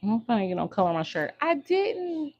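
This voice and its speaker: Woman, livestream host, casual chat, teasing, gravelly, lowish voice. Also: rapid-fire, darkish tone, lo-fi sound. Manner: chatty, teasing, talks to viewers while doing hair.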